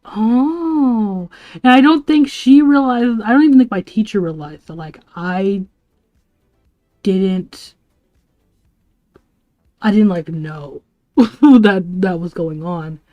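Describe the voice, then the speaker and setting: A woman's voice: medium pitch, animated, slow pace, pauses often, highs cut off, faint music behind. A young woman livestreaming, rambling through school stories with laughs and lots of "like" and "bro". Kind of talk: casual storytelling to a live chat.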